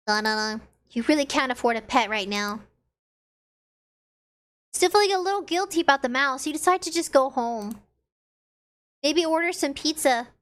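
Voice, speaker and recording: A woman's voice: sits high, a bit bright. A young woman streaming a horror game, reading its text aloud with playful commentary and dramatic sound effects.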